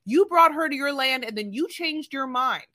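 A woman's voice: sits high, animated, moderate pace, bright, forceful tone, dry recording, studio quality. A woman co-hosting a podcast, recapping a show in casual chat with emphatic rhetorical questions. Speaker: podcast co-host.

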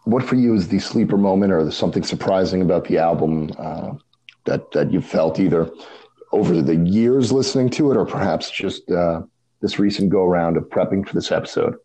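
Here's another co-host of a casual music podcast, his voice low and warm with a breathy edge. He's thoughtful and halting, frequently starting over mid-thought, captured on a low-quality recording.

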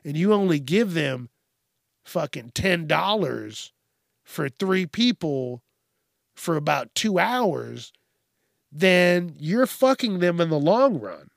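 A man's voice: a little high, very animated, slow, gravelly, no echo, studio quality. A man hosting a podcast alone, ranting in a profane, casual way and briefly mimicking people. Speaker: podcast host. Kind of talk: casual solo rant.

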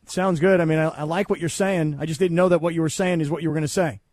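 Middle-aged radio host guy, dry jokey delivery, kinda high voice, dead studio sound. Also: steady tone, fast talker, darkish tone, no echo. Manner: dry, wry, self-deprecating. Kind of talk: casual sports radio banter.

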